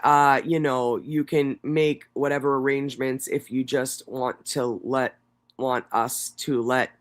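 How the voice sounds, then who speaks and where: A man's voice: medium pitch, a bit bright, clear, resonant tone. A man hosting a livestream, reading court documents aloud and breaking off into blunt, profane commentary. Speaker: livestream host. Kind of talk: casual live commentary.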